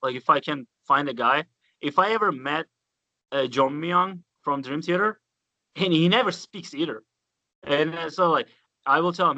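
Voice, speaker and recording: A man with a bright, forceful voice tells loose stories in casual chat, circling back and restarting his sentences and calling the host "dude". The sound is close and dry, with no room around it. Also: a little high, moderate pace, no echo, dull audio. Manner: rambling anecdotes full of restarts, "dude" and "man". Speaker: guest bassist.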